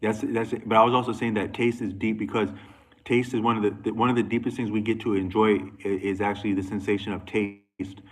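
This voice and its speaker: Guy with a lowish voice rambling on camera, lots of restarts and tangents. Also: little pitch movement, a little fast, poor audio. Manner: rambling, frequent restarts and asides. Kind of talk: casual monologue.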